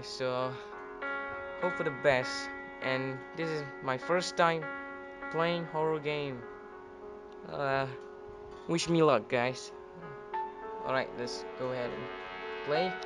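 Man, let's-play commentary, jumpy, excitable, fairly high voice, game music behind. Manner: jumpy and excitable, yelps when scared. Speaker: gaming video host.

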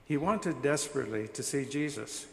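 A man reading a scripture passage aloud at a church service, measured and deliberate. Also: mid-range voice, expressive, creaky. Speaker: scripture reader. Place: large church sanctuary. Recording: echoey church hall with long reverb.

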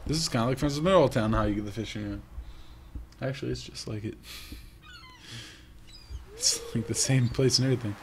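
Low-key man musing over gameplay. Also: brisk, long pauses, a little hiss or hum. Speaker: gaming YouTuber. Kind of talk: casual let's-play commentary.

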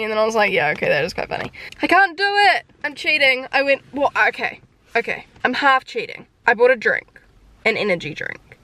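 A woman's voice: fairly high pitch, a bit bright, slight background noise. A young woman with a New Zealand accent chatting casually in a vlog, joking and complaining as she goes. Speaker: vlogger.

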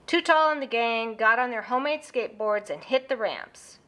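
A woman narrating a children's storybook with a lively, expressive reading. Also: on the high side, moderate pace.

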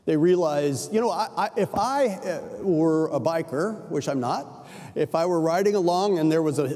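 The reverberant acoustics of a large church sanctuary surround an older male pastor whose voice sits on the high side with a dark tone. His sermon unfolds as conversational storytelling, broken by chatty asides in which he corrects himself.

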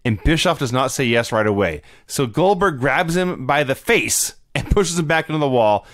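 Chatty man, lively pitch, dry sound. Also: moderate pace, dry recording. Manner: laughing, chatty, explanatory. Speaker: podcast co-host. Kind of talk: casual chat recapping wrestling.

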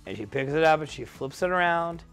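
A man's voice: on the high side, animated, brisk, fairly bright tone, clear, resonant tone, soft background music. A drunk man in his thirties telling a rambling story, losing his thread and correcting himself as he goes.

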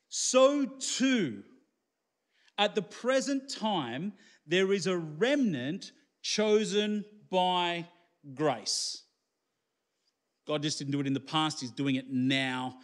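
A man preaches with a high-pitched voice in a relaxed, colloquial way. He lifts his voice to stress a point, then drops to low, quiet asides. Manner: conversational, colloquial, swings between lifted emphasis and low, quiet asides. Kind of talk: sermon.

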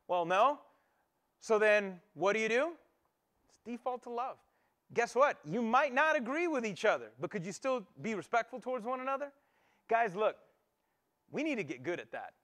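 A male pastor with a high voice preaching a sermon in a loose, conversational way. He keeps putting questions to his listeners and often repeats himself. Faint music plays behind him. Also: fairly bright tone. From United States. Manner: conversational, asks the congregation questions, many repeats.

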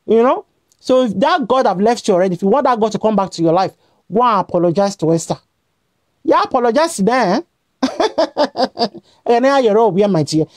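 A woman's voice: mid-range voice, expressive, fast, darkish tone, dry recording, studio quality. A woman with a Nigerian accent giving a scolding, repetitive rant straight to her vlog audience, switching between Pidgin and a local language. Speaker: vlogger. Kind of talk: scolding direct-to-camera rant.

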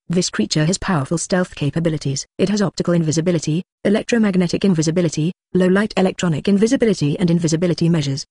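Synthetic audiobook reader, even monotone narration, dry close sound. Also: medium pitch, dry recording. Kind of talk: scripted narration.

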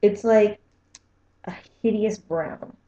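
A woman's voice: mid-range voice, slow pace, mellow, lo-fi sound, slight background noise. A young woman in a casual vlog, squeamish and self-mocking as she talks to the camera. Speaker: vlogger. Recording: echoey room.

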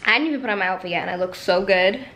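A woman's voice: mid-range voice, rapid-fire, a bit bright, slight background noise. A young woman in her twenties chatting casually to her vlog camera, out of breath, laughing often and using slang. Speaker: vlogger.

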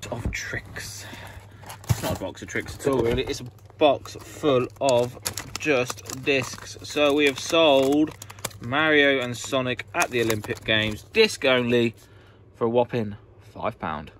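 A man's voice: medium pitch, measured pace, fairly bright tone, a little hiss or hum. A man, a reseller vlogging casually as he picks his orders, hyper and jokey, often talking to himself. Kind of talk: casual vlog while packing orders.

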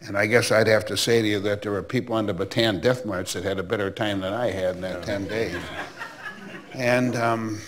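A man's voice: fairly low pitch, fairly even intonation, normal speed, slight background noise. An older man from Milwaukee, a former baseball commissioner, telling anecdotes in an interview with chatty asides. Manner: anecdotal, warm reminiscing with asides. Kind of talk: storytelling interview.

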